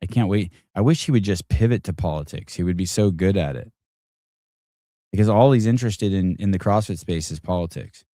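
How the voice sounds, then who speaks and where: A man's voice: deep voice, a little fast, warm tone, dry recording, studio quality. A man hosting a live stream, chatting casually in a rambling, joking way with frequent swearing. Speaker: podcast host.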